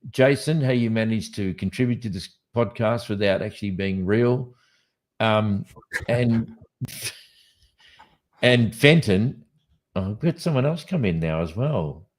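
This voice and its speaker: An Australian man hosting a casual late-night podcast, rambling and joking as he thinks out loud. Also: fairly low pitch, slow pace, pauses often. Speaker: podcast host.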